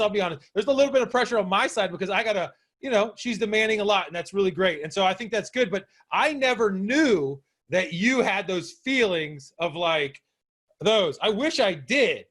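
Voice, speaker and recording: A man's voice: sits high, lively intonation, a little fast, fairly bright tone. A man hosting a podcast interview, rambling and playful with lots of fillers. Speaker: podcast host and exam coach.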